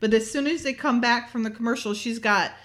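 A woman's voice: fairly high pitch, fairly quick. A woman hosting a casual chat, recapping a TV episode, laughing often and acting out the characters. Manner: animated, laughs often, acts out the characters' lines. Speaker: podcast host.

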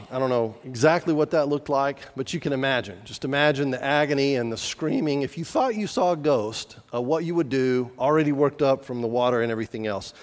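A man gives a sermon in a relaxed, conversational way, breaking off and restarting his sentences as he talks to the congregation. His mid-pitched voice rings out with a long reverb from a large hall. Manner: conversational preaching with restarts and asides. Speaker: pastor.

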